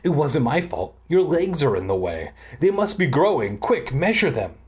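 A man's voice: on the high side, very animated, moderate pace. A man voicing a smirking little brother who teases and whines. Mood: teasing. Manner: smirking, whiny.

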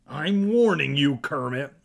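A man voicing a panicky, whiny young boy in a storybook reading, with shrill pleading cries. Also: sing-song, moderate pace, a little mellow, husky.

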